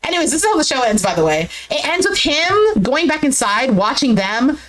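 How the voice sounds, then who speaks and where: A young woman in a casual, animated reaction recap of a dating show, exclamatory and quick to laugh. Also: high-pitched, rough recording. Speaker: recap streamer.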